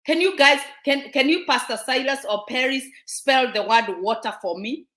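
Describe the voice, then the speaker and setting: In an echoey room, a Kenyan-accented Kenyan woman hosting her show delivers a passionate, scolding lecture to viewers full of rhetorical questions. She speaks at a moderate pace in a high, slightly bright voice.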